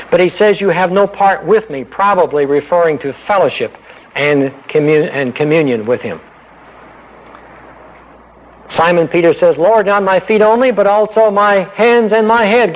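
A man's voice: fairly high pitch, poor audio. Man preaching a conversational sermon. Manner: conversational Bible exposition with rhetorical questions.

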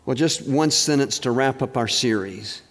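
A man's voice: medium pitch, moderate pace, fairly bright tone. An older man, a university president, giving a chapel sermon with joking asides and earnest prayer in a large auditorium. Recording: reverberant hall.

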